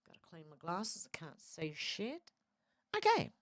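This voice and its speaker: A woman's voice: lowish voice, huge pitch swings, a little slow, dry recording, studio quality. A woman hosting a casual livestream, reading out viewer comments and rambling between them with many fillers and restarts. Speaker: livestream host reading chat.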